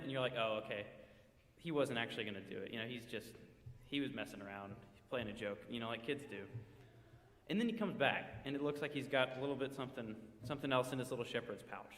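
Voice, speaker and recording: Male church speaker, mid-pitched, lively second-person storytelling, in a reverberant sanctuary. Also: brisk. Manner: vivid second-person retelling with quoted asides. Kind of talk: sermon storytelling. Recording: echoey church hall with long reverb.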